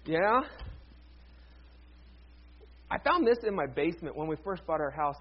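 A man with a high, husky voice preaches a sermon, chatting easily with the congregation and tossing in jokes along the way. The sound is dull and lo-fi. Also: sing-song, a little fast. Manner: conversational, joking asides to the congregation. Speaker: pastor.

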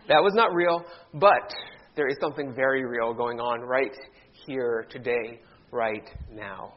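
A man in his thirties from Ohio, a pastor preaching to his church, telling a joke story and then speaking warmly about his years there. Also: mid-range voice, fairly even intonation, normal speed, highs cut off. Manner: jokey storyteller turning heartfelt. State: briefly emotional. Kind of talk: sermon with a joke opening. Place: church sanctuary.

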